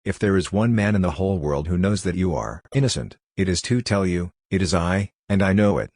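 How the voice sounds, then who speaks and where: A man's voice: deep voice, expressive, fairly quick, a little mellow, no room sound, studio quality. A man reading the part of a distraught young male thief on death row, pleading and desperate.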